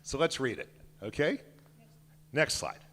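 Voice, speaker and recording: A man in his sixties, a children's book author, giving an animated talk and reading his picture book aloud with emphasis. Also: medium pitch, measured pace. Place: synagogue hall. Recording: echoey hall reverb.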